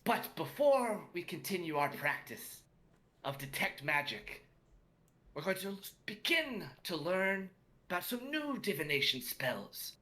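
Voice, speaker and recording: A man's voice: high-pitched, very animated, measured pace, pushed and bright, voice pushed up, full character voice. A man voicing a patient, wry male magic teacher who lectures his class. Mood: lecturing.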